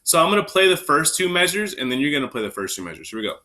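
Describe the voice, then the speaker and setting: A man's voice: on the high side, big pitch swings, racing, bright, forceful tone. A man teaching an elementary recorder lesson, counting students in and calling out note names step by step. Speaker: music teacher.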